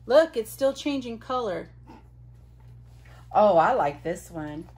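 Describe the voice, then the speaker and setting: A woman talks through an unboxing for her channel in a relaxed, unhurried way. She gushes and exclaims as she chats, with a voice of middling pitch. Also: slightly rough. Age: adult. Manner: gushing, exclamatory, chatty. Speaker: vlogger unboxing mail. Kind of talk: casual unboxing chat.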